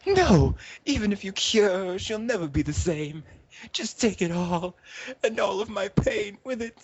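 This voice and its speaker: Man, casual co-reader, lively pitch, does voices. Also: measured pace, slightly rough, muffled recording. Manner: lively, reads several character voices. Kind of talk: casual reading aloud.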